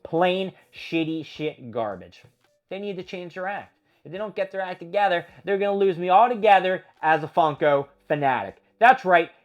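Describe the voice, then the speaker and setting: Profane ranting man, animated. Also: high-pitched, normal speed, muffled recording. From Philadelphia area. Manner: profane, animated, exasperated venting. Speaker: podcast host. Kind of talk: ranting solo monologue.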